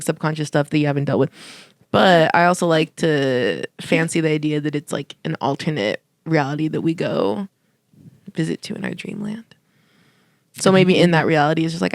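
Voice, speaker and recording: A woman's voice: low voice, vocal fry, no room sound, studio quality. A young woman co-hosting a podcast in casual chat, musing and laughing often. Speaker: podcast co-host.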